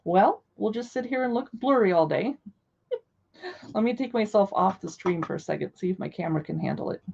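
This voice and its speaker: A woman's voice: medium pitch, animated, moderate pace, creaky, a little mellow, slightly rough, lo-fi sound. A young woman hosting a casual live stream from home, chatting and reading recipe titles aloud to viewers. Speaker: live stream host reviewing cookbooks.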